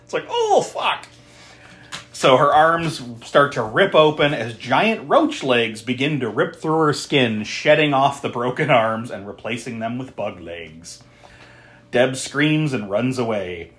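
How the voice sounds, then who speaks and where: A man's voice: mid-range voice, animated, measured pace, fairly bright tone. A man co-hosting a podcast, casually retelling a horror film's plot with frequent laughter and swearing. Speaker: podcast co-host recapping a film.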